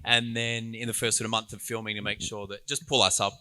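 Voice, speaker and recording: An easygoing man on a convention panel, talking over his acting work. His voice is bright, smooth and resonant. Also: on the low side, flat delivery, brisk. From New Zealand or Australia. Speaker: panel guest actor. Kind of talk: casual panel chat.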